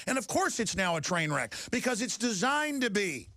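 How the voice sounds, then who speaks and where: A middle-aged man rants on his talk radio show, his voice gravelly and forceful. He speaks a little high for a man and swells toward shouting as he pushes each point. The recording is dry and close. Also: a little fast, few pauses, dry recording. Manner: impassioned, rising to shouting then calming. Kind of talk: ranting talk radio monologue.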